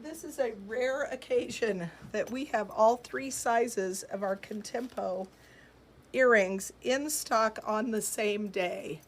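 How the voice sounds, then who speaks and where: A woman hosting a live jewelry sale from her shop, chatting in an upbeat way and answering viewer comments. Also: a little high. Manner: chatty and upbeat, with frequent fillers and laughs. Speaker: host of a live jewelry shopping stream.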